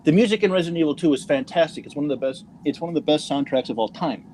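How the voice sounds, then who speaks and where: Ranting young man, slightly high voice. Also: expressive, rapid-fire, dark tone, a little hiss or hum. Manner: ranting, heated, many restarts. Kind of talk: casual gaming podcast chat.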